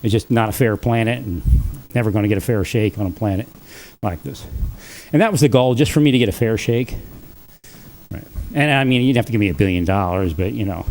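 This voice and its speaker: A man's voice: mid-range voice, animated, brisk, darkish tone, a little hiss or hum. A man talking alone on his livestream, rambling and chuckling often between thoughts. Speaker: livestream host. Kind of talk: rambling solo livestream talk.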